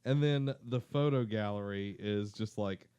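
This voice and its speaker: Joking young man, low mellow voice. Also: a little slow, smooth. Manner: jokey, laughs often, puts on silly voices. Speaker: podcast co-host. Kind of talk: casual chat.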